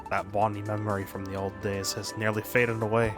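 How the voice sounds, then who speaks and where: A man voicing a stout-hearted old male dog Pokémon grandfather in a gruff, mock Scottish accent, giving solemn speeches. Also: on the low side, level tone, fairly quick, over music, pitched below the performer's own voice, close to an everyday voice. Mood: wistful. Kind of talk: reading game dialogue aloud.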